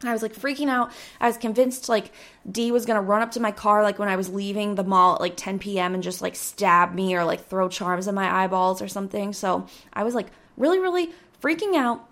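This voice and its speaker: A young woman hosting a podcast, telling a story in a casual, animated, rambling way, with lots of "like" and some swearing. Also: mid-range voice, fairly quick. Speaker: podcast host.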